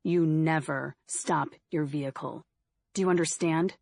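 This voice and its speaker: Woman voicing a stern male survivor leader, curt, commanding, lowish voice, dry sound. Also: fairly even intonation, a little slow, creaky, darkish tone, dry recording, exaggerated voice. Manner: curt, barking orders.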